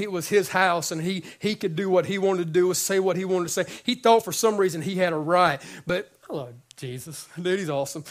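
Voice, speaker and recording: High-voiced man preaching a lively sermon. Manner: conversational, joking, repeats words when excited. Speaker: pastor.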